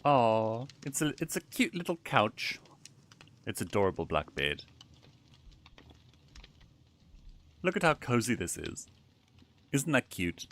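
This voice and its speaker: Casting: man playing a theatrical male owl demon prince, lower-voiced, fond of "darling", streaming a game. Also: sing-song, normal speed, pauses often, fairly bright tone. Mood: playful. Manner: theatrical, calls people darling, giggly. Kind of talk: in-character gameplay livestream.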